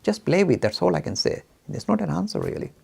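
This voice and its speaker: A man lectures in a lively, swooping voice that has a gravelly edge. His tone is mellow and a little husky. He poses rhetorical questions and plays out both voices of an imagined argument. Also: fairly high pitch, fast. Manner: asks rhetorical questions and acts out both sides of a dialogue. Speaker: lecturer on religion.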